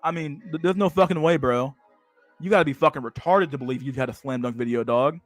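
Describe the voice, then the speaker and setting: A man's voice: fairly high pitch, fast talker, faint music behind. A young man hosting a casual livestream, with profane, slang-heavy talk full of "dude" and "bro" and frequent restarts. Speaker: livestream host.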